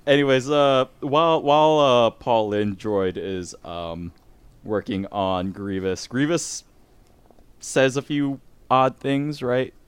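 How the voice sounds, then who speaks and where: A man's voice: medium pitch, slow pace, clear, resonant tone, dry recording. A man co-hosting a podcast in casual chat, rambling and laughing often. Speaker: podcast co-host.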